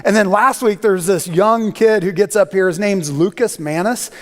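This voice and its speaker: A man's voice: high voice, moderate pace. A man preaching a sermon as a guest speaker, telling stories in a loose, conversational way with many fillers. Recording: long reverb of a church hall.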